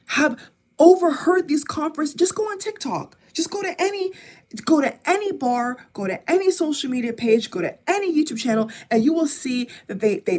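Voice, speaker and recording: A woman from the United States rants angrily about politics to camera, hammering identical phrases repeatedly. Her voice sits high and sounds a little mellow.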